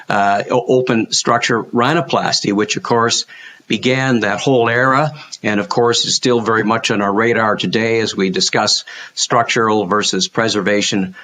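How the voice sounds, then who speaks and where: A man's voice: lowish voice, a bit bright. An older man, a surgeon, speaking reflectively as a podcast guest over a call, with many restarts. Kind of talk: podcast interview. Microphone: video call.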